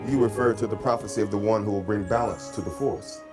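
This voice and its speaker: An actor playing a grave man of authority, speaking slow and solemn in a film trailer clip. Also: on the low side, steady tone, natural voice. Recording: film clip under loud music.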